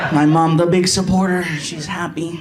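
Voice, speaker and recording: Casting: middle-aged male stand-up comic, high voice, animated storyteller with crowd work, live stage mic. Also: heavy background noise. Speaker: stand-up comedian.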